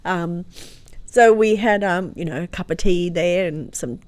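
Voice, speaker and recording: A woman's voice: lowish voice, measured pace, no room sound. A woman tells a family story as a podcast guest. She was born in Croatia and grew up speaking Croatian. She tells it with feeling, often breaking into laughter. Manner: emotional, lively storyteller who laughs often. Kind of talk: casual storytelling interview.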